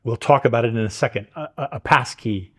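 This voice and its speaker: Man, interviewer, mid-pitched voice, probing and insistent. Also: fast talker. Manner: pressing, insistent questioning. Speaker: business partner, interviewer.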